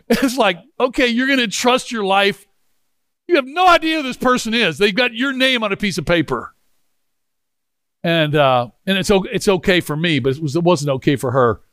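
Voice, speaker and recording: Pastor, middle-aged man: raised voice, animated, rambling storyteller, dry close sound. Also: sits high, moderate pace, no room sound. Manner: animated, rambling, frequent restarts. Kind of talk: storytelling sermon with prayer.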